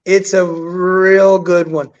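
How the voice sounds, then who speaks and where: A man with a high voice tells a story in blunt, profane, casual chat. He acts out quotes with a lot of energy. The recording sounds dull and lo-fi. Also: little pitch movement, slow pace.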